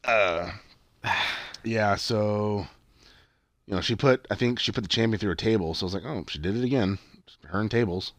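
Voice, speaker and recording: A man recapping a wrestling show in casual chat, rambling and swearing, with excited outbursts. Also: fairly low pitch, moderate pace, long pauses, no room sound. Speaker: podcast co-host.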